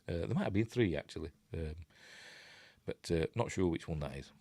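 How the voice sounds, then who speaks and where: An older Yorkshire man hosts a casual news livestream in a low voice that rises and falls a lot. He rambles off into side remarks and corrects himself as he goes. The sound is close and dry. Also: expressive, moderate pace, creaky, warm tone, no echo. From Yorkshire, England. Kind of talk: casual live-stream commentary.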